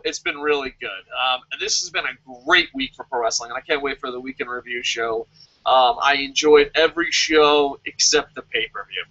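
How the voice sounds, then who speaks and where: A wrestling review vlogger with a high-ish, pushed, bright voice launches into a casual, profane, joking rant, reading viewer comments aloud. The audio sounds dull.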